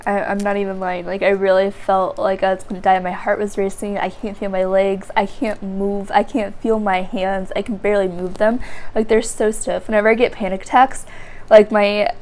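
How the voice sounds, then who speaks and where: A woman's voice: medium pitch, level tone, normal speed, darkish tone, slight background noise. A young woman vlogging, telling a story casually to her viewers in a rambling way full of "like" fillers. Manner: rambling, heavy use of "like" fillers.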